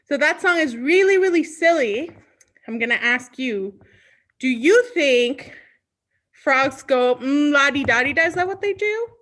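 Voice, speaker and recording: A woman's voice: high voice, expressive, a little slow, a bit bright. A woman youth services librarian hosting a live online storytime, coaxing and talking directly to young children.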